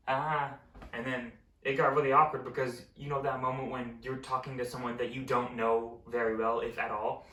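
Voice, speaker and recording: A man's voice: mid-range voice, fairly bright tone, far from the mic. A young man telling a school story in a casual vlog, exasperated and swearing freely. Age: young adult. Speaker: vlogger. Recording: roomy echo, set back from mic.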